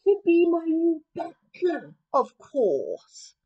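A woman's voice: extremely high pitch, huge pitch swings, drawn-out words, dark tone, highs cut off, voice pushed up, heavily acted. A woman voicing an imperious elderly queen who talks in a stern, haughty, commanding way.

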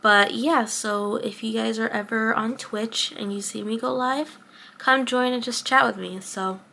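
A woman's voice: fairly high pitch, fairly even intonation, unhurried, creaky, bright, forceful tone, a little hiss or hum. Chatty young woman vlogging. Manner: chatty, rambling with many ums and likes. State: out of breath. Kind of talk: casual vlog chat.

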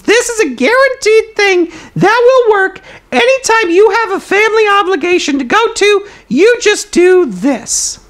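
A squeaky toilet paper puppet. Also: male voice, a bit bright. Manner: gives absurd life advice with confident, matter-of-fact delivery; chats to the live chat, hesitant fillers. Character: zany toilet paper roll puppet, cheerful and absurd. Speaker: puppet host of a live stream. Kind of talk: comedic live-stream bit.

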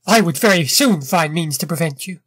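A man's voice: fairly high pitch, lively intonation, fairly quick, fairly bright tone, breathy edge, dry recording. Irascible old professor, voiced by a man, commanding and pompous, dry close mic. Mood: defiant. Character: irascible, powerful older male professor.

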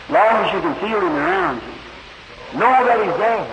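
A man with a strikingly high voice preaches a rambling, impassioned story sermon. His voice rings in a big echoing hall. The old 1950s tape is heavy with hiss. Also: big pitch swings, moderate pace, creaky. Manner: impassioned, rambling, surging pitch and volume. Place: church hall.

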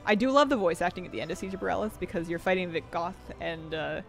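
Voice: mid-range voice, quick pace, creaky, soft background music. A game streamer chatting casually on a live stream, giggling often and reading out chat messages.

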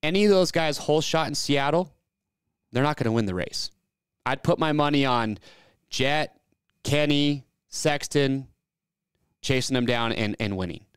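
A man co-hosting a racing talk show in a smooth, resonant voice. He makes his case at length, circles back and restarts his sentences as he thinks aloud. The sound is close and dry. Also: mid-range voice, measured pace, pauses often, no echo. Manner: opinionated, rambling, restarts his thoughts. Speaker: fantasy racing show co-host. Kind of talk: casual sports chat.

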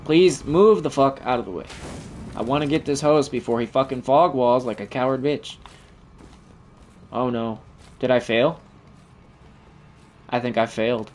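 A man's voice: medium pitch, a little slow, pauses often, darkish tone, a little hiss or hum. A man giving profane, trash-talking commentary over his own gameplay as the channel host.

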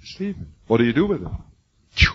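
An older man with a raw, hoarse voice lectures a class in an emphatic, repetitive way, restarting his sentences often. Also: lowish voice, expressive, moderate pace. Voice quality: husky. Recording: dull lo-fi classroom recording.

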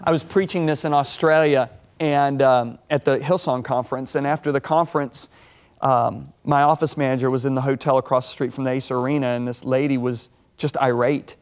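A man in his sixties, a guest on a TV talk show, telling stories in a lively sermon-like way with big swings of voice. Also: mid-range voice, brisk, clear, resonant tone. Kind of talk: animated storytelling sermon-talk.

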